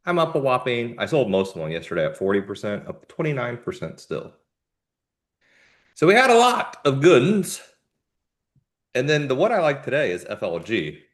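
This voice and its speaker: A man's voice: mid-range voice, moderate pace, long pauses. A man hosting a live trading show, giving casual market commentary in jumpy bursts with slangy asides. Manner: animated, jumpy delivery with sudden emphatic bursts.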